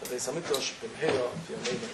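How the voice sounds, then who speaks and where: A man's voice: mid-range voice, brisk, roomy sound, heavy background noise. A man giving a sermon as a rabbi, with an impassioned manner that builds into emphatic questioning.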